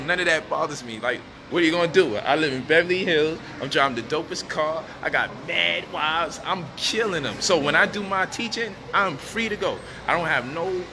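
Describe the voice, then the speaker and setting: A man boasting and talking casually with streetwise slang, addressing viewers about debating and teaching. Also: a little high. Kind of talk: boastful casual talk to camera. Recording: noisy street ambience.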